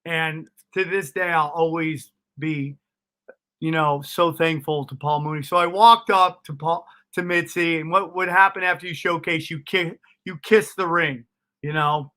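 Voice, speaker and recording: A male comedian telling stand-up stories in a casual interview, animated and profane, laughing at his own stories. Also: fairly high pitch, a little slow. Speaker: comedian guest.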